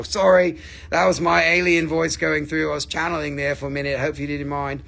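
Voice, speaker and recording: A man's voice: on the high side, little pitch movement, fairly quick, vocal fry, fairly bright tone. Joking, foul-mouthed man hosting a crystal sale. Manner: joking, teasing, swears freely. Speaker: host selling crystals on a livestream. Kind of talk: casual live sales chat.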